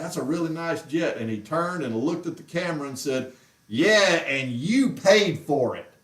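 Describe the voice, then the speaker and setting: A man hosting a casual show from home, ranting in a heated, exasperated way. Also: medium pitch. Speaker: show host. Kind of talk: casual rant on a livestream. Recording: roomy echo, mic far off.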